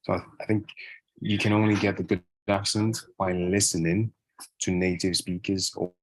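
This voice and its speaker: A man with a very deep voice speaking as a guest in a casual interview. He talks in loose, repetitive phrases, checking in with "right?" and closing thoughts with "yeah.". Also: flat delivery, normal speed, low-quality recording. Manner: repeats himself, frequent "yeah" and "right?".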